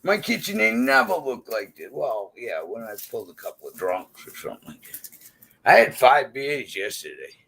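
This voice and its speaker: A man hosting a livestream, telling a rambling, profanity-filled story while drunk and high, laughing mid-sentence. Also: very animated, normal speed, gravelly, fairly bright tone, husky. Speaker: livestream host.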